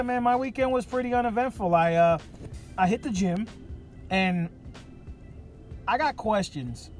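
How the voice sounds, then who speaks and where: A man's voice: sits high, a little mellow. A man hosting a podcast, talking in a casual monologue that is profane, jokey and ranting. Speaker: podcast host.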